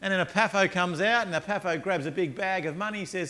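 Animated male preacher. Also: high voice, fast talker, few pauses. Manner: animated storytelling, acts out characters. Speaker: pastor. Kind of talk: sermon.

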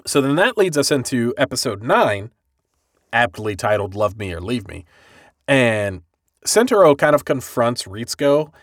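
A man's voice: mid-range voice, big pitch swings, moderate pace, no room sound, studio quality. A man hosting a podcast, recapping an anime in casual, profane chat and acting out the characters' lines. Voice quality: bald-headed joker, swears freely. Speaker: podcast host.

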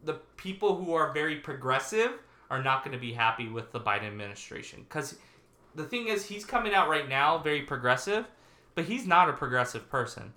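This podcast co-host has a fairly high voice that's very animated, brisk, pushed, and bright. Chatting casually about politics in an echoey room, he rambles, restarts, and laughs at his own jokes.

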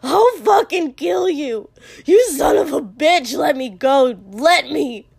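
A woman's voice: high voice, animated, slow pace, vocal fry, a little mellow, no echo, clean studio sound, voice pushed up, exaggerated voice. A woman reading a story aloud, voicing a violent, bitter teenage boy who screams and spits insults. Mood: screaming.

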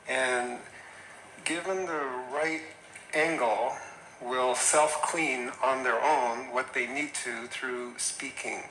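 A man gives a loose, conversational lecture on health coaching, full of asides and questions to the room. His voice is very bright and forward. The room sounds echoey, with a faint hum of ambience behind him. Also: mid-range voice. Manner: conversational, chatty with asides and mimicked quotes. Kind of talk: casual lecture to a class.

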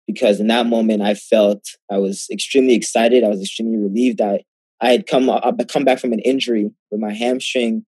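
A man's voice: lowish voice, husky, dry recording. A young man, a guest athlete, tells his story in a casual interview, acting out the exchanges he quotes. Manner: animated, acts out quoted exchanges.

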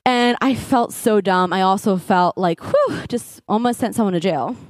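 A woman's voice: medium pitch, lively intonation, normal speed, no echo. An American woman in her thirties telling a comic, self-deprecating story to an audience as a conference speaker. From United States. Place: live event stage.

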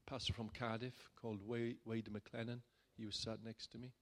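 A man, a pastor, telling a personal story in a sermon in a chatty way that builds to loud, emphatic bursts. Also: on the low side, little pitch movement, normal speed. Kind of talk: sermon testimony.

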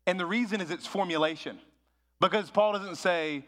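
A man, a pastor, preaching a sermon in a conversational way that rises into animated bursts of emphasis. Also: sits high, normal speed, long reverb tail.

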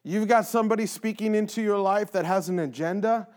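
A man's voice: high voice, a little fast, a little mellow. A man who leads in a church, talking earnestly and emphatically in a casual faith conversation, repeating phrases for stress. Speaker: church leader.

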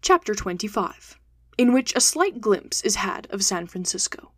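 A woman podcast host reading a classic adventure novel aloud in steady, clear audiobook narration. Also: mid-range voice, normal speed, no echo.

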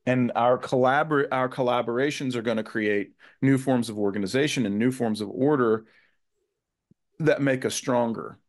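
A man's voice: medium pitch, moderate pace. Earnest man thinking aloud. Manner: earnest and thoughtful, with frequent restarts. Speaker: guest author. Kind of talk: conversational podcast interview.

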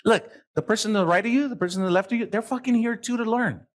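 A man's voice: high-pitched, fast. A man speaking as a motivational seminar speaker to a live audience in a hall, blunt and profane, talking into a handheld microphone.

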